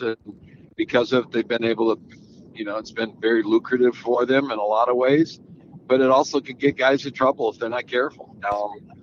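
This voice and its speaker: An older man gives relaxed, rambling answers as a golf guest, starting sentences over and over. His voice sits at a middle pitch. The audio is a little dull, with a faint hiss behind him. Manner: relaxed, rambling with frequent restarts. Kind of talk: casual interview answers. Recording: slightly dull audio with faint background noise.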